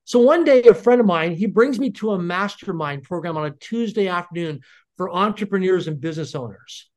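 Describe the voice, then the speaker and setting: A man's voice: high voice, fairly quick. A middle-aged man, a podcast guest, telling a story with lots of energy and acting out the dialogue in it. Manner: animated, acts out quoted dialogue.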